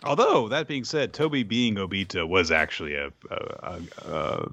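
A man's voice: deep voice, big pitch swings, normal speed, creaky, a bit bright, lo-fi sound, a little hiss or hum. A man co-hosting a podcast, rambling casually with fillers and frequent laughs. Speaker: podcast co-host.

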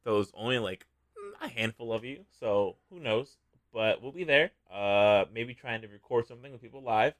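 Bright-voiced joking podcast host man. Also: mid-range voice, normal speed. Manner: joking, self-mocking sign-off. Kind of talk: casual podcast chat.

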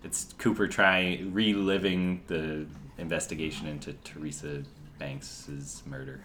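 A podcast guest, a man with a very low voice, walks through a theory slowly and methodically. Clear background noise runs beneath him. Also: little pitch movement, bright, forceful tone. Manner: explanatory, measured. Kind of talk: casual podcast chat.

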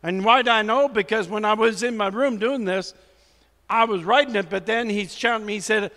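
A man's voice: sits high, a little fast, sharp tone, big-room sound. A man preaching a sermon, reading scripture with emphasis and urging the congregation on with repeated calls of "come on". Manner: reads scripture aloud with emphasis.

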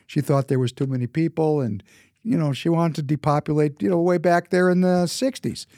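A man's voice: on the high side, fairly quick, warm tone, dry recording, clean studio sound. A man in his fifties from Minnesota tells personal stories in a casual monologue, emphatic and often repeating words for emphasis. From Minnesota, United States. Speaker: businessman.

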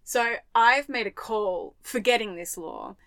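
A woman's voice: a little high, measured pace, creaky, dry recording. Australian woman telling a story, dry close mic. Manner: animated storyteller, acts out quoted voices. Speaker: podcast co-host. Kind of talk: casual chat, storytelling.

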